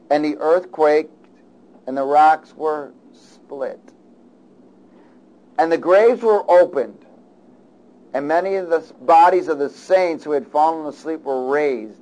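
A man's voice: on the high side, slow, long pauses, low-quality recording. Man preaching with call-and-response. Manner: call-and-response, rises loud and falls soft. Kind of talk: sermon; reading scripture aloud.

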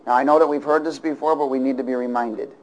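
A man preaching with an ordinary, middle-pitched voice. He keeps asking the congregation for a response and chuckles between points. His volume swings from quiet asides to ringing statements. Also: fairly even intonation, fast talker, slight background noise, rough recording. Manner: chuckles between points, shifts from hushed to loud. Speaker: pastor. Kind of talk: sermon.

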